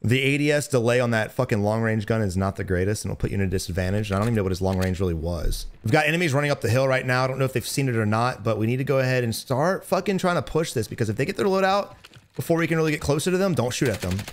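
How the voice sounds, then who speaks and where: A young man giving blunt, profane gameplay commentary as a streamer, breaking into loud excited bursts. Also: medium pitch, very fast. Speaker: gaming streamer.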